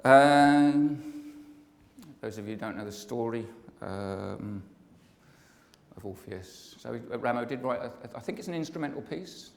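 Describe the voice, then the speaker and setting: A man's voice: lowish voice, moderate pace, gravelly. A man giving a live pre-concert talk, chatting and joking with the audience in between singing his poems. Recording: long hall reverb with music.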